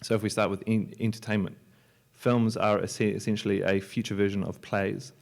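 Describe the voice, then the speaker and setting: Guy with a lowish voice giving a panel talk at a library, jokey, lots of um and restarts. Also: level tone, normal speed, creaky, darkish tone. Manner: joking, loose, with many restarts and fillers. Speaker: panel speaker, software entrepreneur and filmmaker. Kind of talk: conference talk. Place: lecture hall at a library.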